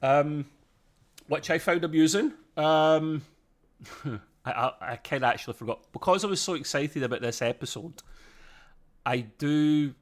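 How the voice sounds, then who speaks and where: A man's voice: on the high side, measured pace, long pauses. A man co-hosting a casual podcast review, chatty and laughing often, with many fillers. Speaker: podcast co-host.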